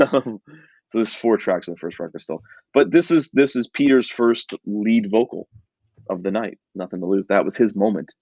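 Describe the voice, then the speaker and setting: A man with a fairly low voice co-hosts a casual podcast. He rambles and restarts his sentences, with fillers everywhere. The sound is dry and slightly muffled. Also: normal speed, darkish tone, dry recording. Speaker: podcast co-host.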